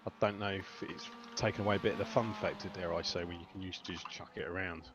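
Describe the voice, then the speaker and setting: A man's voice: low voice, steady tone, quick pace. A man doing casual, chatty commentary on an online race, bantering with his co-hosts. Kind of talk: casual sim racing commentary. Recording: dull lo-fi stream audio with faint noise.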